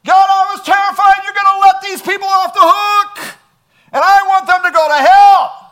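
A man acting out an angry prophet who shouts complaints at God. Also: very high voice, flat delivery, moderate pace, pitched above the performer's own voice. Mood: resentful. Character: angry whiny male prophet, resentful.

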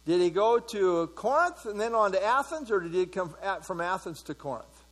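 A man's voice: high-pitched, lively intonation, normal speed, fairly bright tone. A man leading an evening Bible study, talking conversationally, full of fillers and putting questions to the audience. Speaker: pastor.

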